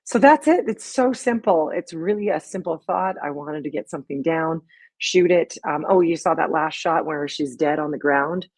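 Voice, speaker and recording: Husky-voiced woman chatting on a live stream. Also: deep voice, lively intonation, normal speed, a little mellow, dry recording. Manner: chatty, rambling storytelling with many fillers. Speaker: sketch comedy creator and host. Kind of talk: casual live-stream commentary.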